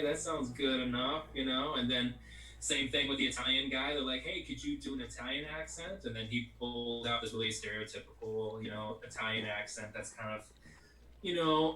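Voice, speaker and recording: A man with a bright, forceful voice chats loosely as an interview guest, circling back with "you know what I mean" again and again. He sounds set back from the mic in a roomy, echoing space, with faint music underneath. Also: medium pitch. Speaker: voice actor guest. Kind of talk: casual interview chat. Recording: roomy echo, distant from mic.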